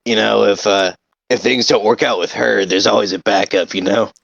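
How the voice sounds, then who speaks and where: A man playing a tabletop game, talking hesitantly with many pauses. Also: on the low side, fairly even intonation, creaky, a bit bright. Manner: slow, hesitant, with many uh's. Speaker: player. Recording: dull lo-fi mic.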